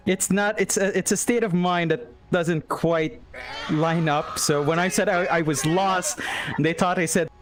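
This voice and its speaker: Young Filipino male caster on a headset, relaxed stream banter, quick to laugh at himself, slightly high voice. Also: crowd noise. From Philippines. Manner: chatty and self-mocking, laughing often. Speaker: esports caster. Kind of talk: casual chat between casters on a live stream.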